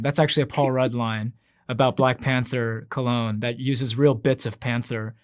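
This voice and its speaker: A man's voice: mid-range voice, fairly even intonation, normal speed, smooth. Wry man joking in an interview. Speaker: interview guest. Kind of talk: casual interview talk.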